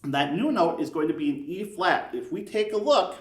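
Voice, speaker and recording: A man's voice: fairly high pitch, expressive, brisk. Encouraging man teaching a brass lesson. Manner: encouraging, counts beats aloud. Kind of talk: step-by-step music lesson. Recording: echoey room, mic at a distance.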